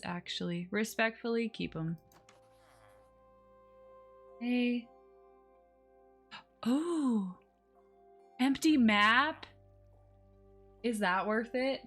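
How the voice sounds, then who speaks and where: A woman's voice: medium pitch, vocal fry, a bit bright. A woman live streaming a game, chatting casually with her viewers and coaxing her in-game animals along with little exclamations.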